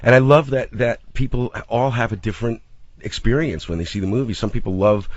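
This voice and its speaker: A man, a comedian and director, chatting as a radio guest in an animated way, laughing often and restarting his sentences, with a dull, dry studio sound. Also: medium pitch, fairly quick, dry recording. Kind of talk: casual radio chat.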